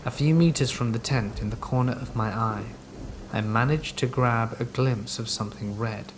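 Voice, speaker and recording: A man narrating first-person horror stories in a calm, measured storytelling voice. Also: medium pitch, background noise. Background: steady rain sounds.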